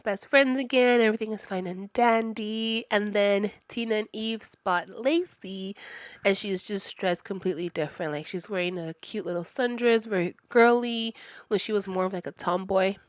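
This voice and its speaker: A woman's voice: medium pitch, normal speed, dry recording. A woman in her thirties chatting casually through a book review, retelling the story with lots of "like" fillers. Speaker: book reviewer, channel host.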